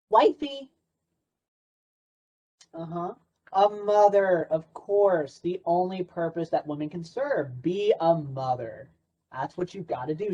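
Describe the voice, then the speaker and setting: A man's voice: on the high side, a little mellow. A man presenting an interactive workshop in a playful, sarcastic way. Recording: dull lo-fi recording.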